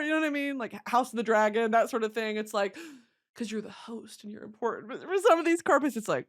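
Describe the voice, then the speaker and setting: Animated, laughing young woman podcast host. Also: fairly high pitch, fairly quick. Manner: animated, swearing, laughing often, jumping between voices. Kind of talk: casual comedic storytelling.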